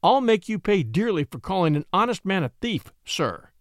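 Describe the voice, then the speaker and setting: A man voicing a clever young lawyer who speaks in a stern, measured, confident way. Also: high voice, sing-song, dry recording, clean studio sound. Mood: indignant.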